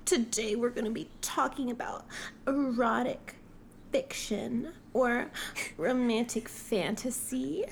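Woman doing a breathy sultry vamp persona, slow and seductive, lightly high. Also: slight background noise. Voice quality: breathy, sultry, drawn-out endings.

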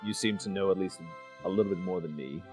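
Brief: man doing a formal, curious adventurer with very deep, stiff old-fashioned speech, faint music behind. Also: fast, a little mellow, close to an everyday voice. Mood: earnest.

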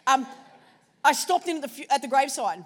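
A woman preacher telling a personal story in a sermon, shifting between hushed and loud moments. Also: sits high, lively intonation, brisk.

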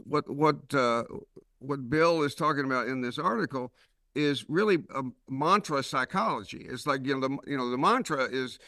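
Southern guy hosting a podcast, bright voice, keeps restarting sentences, dry close sound. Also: mid-range voice, normal speed, no room sound. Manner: animated storyteller, many restarts and repeated words. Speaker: podcast host. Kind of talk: casual podcast conversation.

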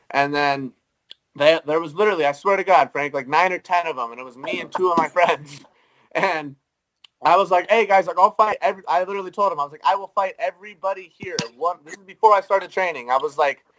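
A man's voice: on the high side, fairly bright tone, rough recording. A young man co-hosting a podcast, telling a story animatedly and filling his speech with "like" and "dude". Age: young adult. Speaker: podcast co-host. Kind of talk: casual storytelling.

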